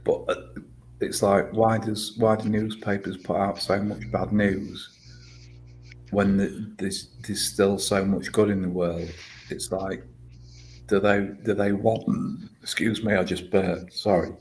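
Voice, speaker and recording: A man's voice: on the low side, level tone, a little mellow, a little hiss or hum, rough recording. A man in casual stream chat, rambling and swearing as he talks things through. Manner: rambling, swears a lot, slow and emphatic.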